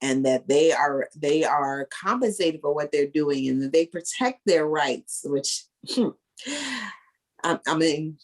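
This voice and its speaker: A woman's voice: sits low, takes it slowly. A tipsy Caribbean American woman with a lawyer's background, co-hosting a casual podcast chat and rambling with frequent laughter. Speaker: podcast co-host; entertainment lawyer.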